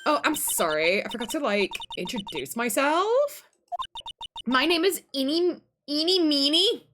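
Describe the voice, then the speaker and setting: Woman putting on a high, bouncy Valley Girl airhead for a game, all "like" and "um", over loud music. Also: big pitch swings. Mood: bubbly ditzy. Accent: put-on Valley Girl. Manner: lots of "like" and "um", halting. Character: ditzy young valley-girl student, airheaded.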